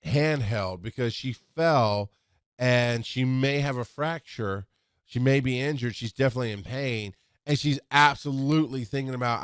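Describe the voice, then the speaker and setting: A middle-aged man talks through an informal lesson in a candid, rambling way, restarting sentences and slipping into bits of acted dialogue. His voice sits at an ordinary middle pitch. The recording is close and dry, with no room sound. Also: clear, resonant tone, no echo. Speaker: EMS instructor. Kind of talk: informal teaching talk.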